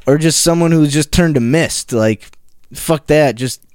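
Halting man joking among friends. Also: a little high, a little mellow, clear, resonant tone, no room sound, clean studio sound. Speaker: amateur stand-up comic. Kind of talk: mock stand-up set among friends. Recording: background noise.

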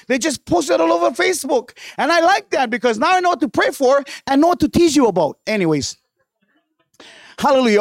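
A man's voice: very high voice, no echo, studio quality. A man preaching a sermon in a church as a guest speaker, playful with joking asides and frequent hallelujahs, losing his voice.

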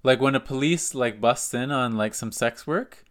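A man co-hosting a podcast from Canada, chatting casually in a relaxed, matter-of-fact way. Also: mid-range voice, moderate pace. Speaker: podcast co-host. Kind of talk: casual chat.

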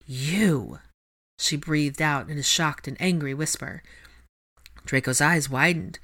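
A woman's voice: sits low, fairly even intonation, unhurried, pushed and bright. A woman voicing an angry, grieving teenage witch girl who accuses someone with a breaking voice. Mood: furious, tearful.

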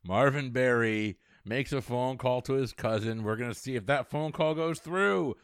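A man's voice: medium pitch, moderate pace, hardly any pauses, clear, resonant tone, no room sound, studio quality. A man hosting a casual podcast, moving the picks along with playful asides. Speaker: podcast host.

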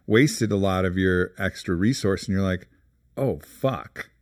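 A middle-aged man hosting a candid business podcast, talking in an animated way, swearing and acting out quoted voices. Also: moderate pace, no room sound, clean studio sound. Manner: animated, swears, acts out quoted voices with big pitch jumps. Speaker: podcast host, company founder.

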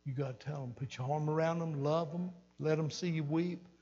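A man's voice: on the high side, fairly even intonation, brisk, warm tone, muffled recording. An older man pastor preaching an earnest sermon, repeating phrases for emphasis, recorded in a church hall. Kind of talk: sermon teaching. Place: church sanctuary.

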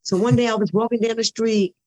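A woman appearing as a podcast guest recounts her story in a lively, casual manner, playing out conversations and doubling up words in her excitement. Her voice is a little high and her pace a little fast.

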